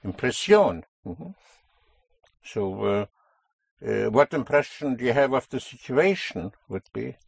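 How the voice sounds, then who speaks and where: A man's voice: mid-range voice, animated, a little slow, gravelly, breathy edge, dry recording. A man teaching a language lesson, explaining a stress rule patiently and stressing key words.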